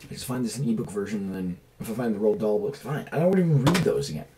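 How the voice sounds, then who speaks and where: A man's voice: lowish voice, lively intonation, fast talker, noisy background. A man rambles through a casual home vlog with lots of rise and fall in his voice, enthusiastic one moment and muttering to himself the next. He's recorded in a small room on a camera mic. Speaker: vlogger.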